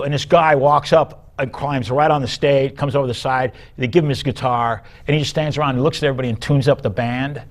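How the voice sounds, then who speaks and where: An older man, a musician rambling through animated stories in casual chat and acting out the people he quotes. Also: mid-range voice, fast talker, hardly any pauses. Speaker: guest musician.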